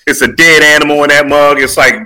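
A man's voice: on the high side, level tone, fast, pushed and bright, clear, resonant tone, low-quality recording. A man from Philadelphia telling a story in laid-back casual chat.

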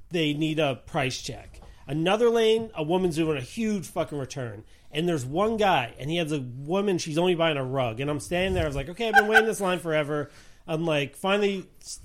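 High-voiced man telling a story, swearing freely. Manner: animated storyteller, swears a lot, acts out quotes. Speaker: podcast co-host. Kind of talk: casual chat.

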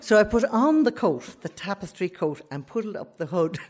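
An Irish woman telling a frank, animated personal story on stage, laughing often as she goes. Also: medium pitch, moderate pace. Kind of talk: live storytelling to an audience.

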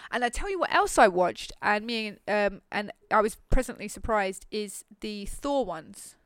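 A woman hosting a podcast in casual, animated, jokey chat. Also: medium pitch, moderate pace, no room sound. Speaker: podcast host.

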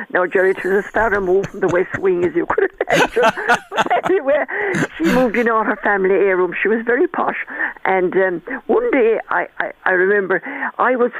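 A woman's voice: medium pitch, dry recording. Older woman author, rambling anecdotal manner, dry close phone-line sound. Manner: chatty, rambling, warm storyteller with frequent restarts. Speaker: author guest. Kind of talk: storytelling in a radio interview.

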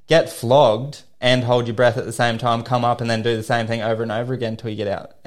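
A man chatting as a podcast guest in an easygoing way, often backing the host with quick agreement. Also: medium pitch, level tone. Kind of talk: casual chat.

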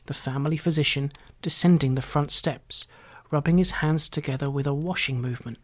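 Brief: steady, formal audiobook narrator, even mid-range voice. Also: medium pitch. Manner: measured, formal storytelling.

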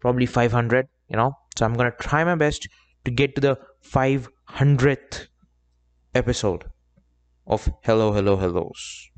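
A man's voice: mid-range voice, a little slow, clear, resonant tone. A young man hosting his own solo podcast, talking in a rambling, chatty way with self-joking asides. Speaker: podcast host. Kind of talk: casual solo podcast monologue.

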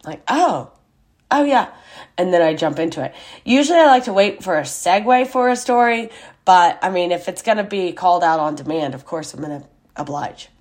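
A woman's voice: fairly low pitch, animated, a little fast, a little mellow. A woman hosting a podcast, telling a rambling personal story in a chatty, casual way with lots of fillers and asides. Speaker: podcast host.

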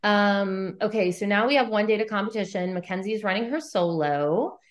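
A woman chatting on a podcast, retelling scenes with lively put-on quotes. She talks casually and swears now and then. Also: mid-range voice, normal speed. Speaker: podcast co-host recapping episodes. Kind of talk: casual chat.

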